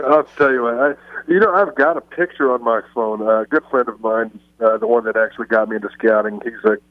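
A man's voice: mid-range voice, fast talker, no room sound. A man, a baseball scout and guest, telling stories in a radio interview with lots of fillers and restarts, heard over a phone line. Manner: storytelling, frequent fillers and restarts. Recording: dry, phone-line sound.

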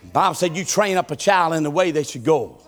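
A preacher in his fifties with a notably high voice for a man. He delivers a rhythmic church sermon that rises to shouted appeals and drops to quiet, folksy asides. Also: expressive, brisk. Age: 50s. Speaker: pastor.

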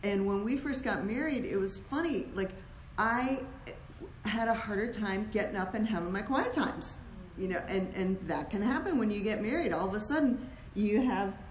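Brief: mid-pitched woman, halting and affirming in a Christian marriage talk, echoey room. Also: lively intonation, slight background noise. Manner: affirming, halting, with many restarts. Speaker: co-host, wife of the other host.

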